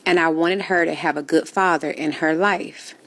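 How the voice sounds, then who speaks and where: A woman telling a written confession story in an even, matter-of-fact way. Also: low-pitched, normal speed.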